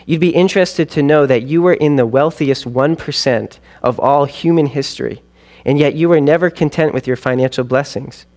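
A man's voice: on the high side, normal speed, a little mellow, natural voice. Solemn male divine judge, earnest and reproving, read by a man in his own voice.

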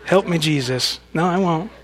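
A man's voice: on the high side, slow pace. A man preaching a sermon, speaking conversationally to the congregation with asides and reading scripture with emphasis. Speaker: pastor.

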